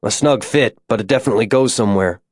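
A man voicing a steady young man leading a cave expedition, calm and encouraging. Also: fairly low pitch, quick pace, dry recording, clean studio sound, natural voice. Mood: intrigued.

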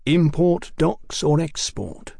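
A man's voice: a little high, lively intonation, takes it slowly, gravelly, warm tone, husky, no room sound, clean studio sound, pitched above the performer's own voice, exaggerated voice. A man voicing a relentless police sergeant who barks short questions. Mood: interrogating. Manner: curt, barking questions.

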